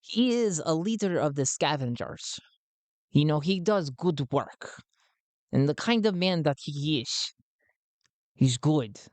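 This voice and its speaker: Man, solo tabletop narrator, rambling, slow pace, dry recording. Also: a little high, expressive, no room sound. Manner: rambling, laughs at his own jokes. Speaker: solo game player and narrator.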